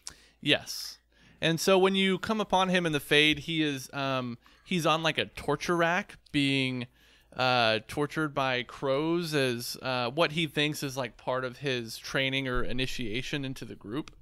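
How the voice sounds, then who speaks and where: A man's voice: medium pitch, measured pace, sharp tone, clear, resonant tone, no echo, clean studio sound. A man co-hosting a gaming podcast, explaining things carefully with many hesitations and restarts. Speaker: podcast co-host. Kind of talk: casual gaming podcast chat.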